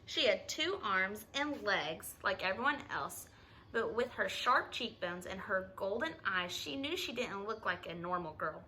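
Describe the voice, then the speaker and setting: A woman's voice: mid-range voice, animated, a little slow, bright, forceful tone, low-quality recording. A woman reading a novel aloud expressively, stumbling over a word now and then. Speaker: reader.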